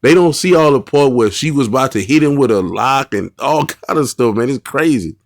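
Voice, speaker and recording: A man's voice: medium pitch, animated, fairly quick, noisy background. A male host giving casual commentary on bodycam footage, earnest and repetitive, often restarting his sentences.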